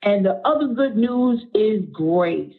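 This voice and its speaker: A woman's voice: mid-range voice, lively intonation, slow, husky. Emotional woman pastor preaching, tinny sound. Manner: emotional, near tears at times, call-and-response preaching. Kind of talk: sermon. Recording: tinny phone-like audio.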